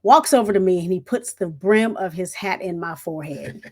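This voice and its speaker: A middle-aged woman, a retired Air Force veteran, telling a lively, folksy story in an interview and talking straight to the audience. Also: fairly low pitch, normal speed.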